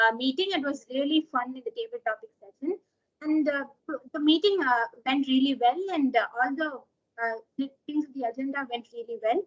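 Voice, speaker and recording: A woman's voice: high voice, fairly bright tone, muffled recording. A woman presenting the minutes of a club meeting over a video call, hesitant and full of "uh" fillers.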